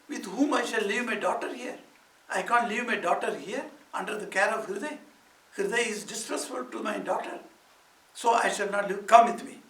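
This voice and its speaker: High-voiced monk in an echoey hall. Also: male voice, a bit bright. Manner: emphatic, with rhetorical questions. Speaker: monk giving a spiritual talk. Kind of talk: scriptural reading and reflection talk. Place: society hall. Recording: echoey room, mic at a distance.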